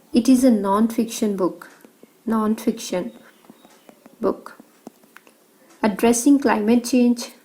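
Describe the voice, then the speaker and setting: A woman teacher working through exam questions, reading out options and answers in short measured phrases. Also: medium pitch, darkish tone, rough recording.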